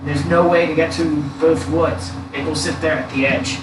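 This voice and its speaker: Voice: medium pitch, fairly even intonation, normal speed. Rambling explainer in an echoey room. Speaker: co-host. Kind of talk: casual chat. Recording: echoey room, far from mic, noisy.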